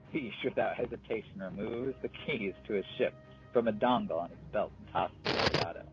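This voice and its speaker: A man narrating a playful story over gameplay, animated and amused, with chatty asides. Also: on the low side, fairly quick. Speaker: gaming storyteller. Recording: dull, muffled recording with faint music.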